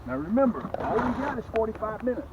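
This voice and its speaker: A man hosting a fishing vlog from a boat outdoors, chatty and excited, talking straight to his viewers. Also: high-pitched, quick pace. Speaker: fishing channel host. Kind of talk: casual fishing vlog commentary. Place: on a small boat outdoors on a lake. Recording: dull lo-fi outdoor audio with faint noise.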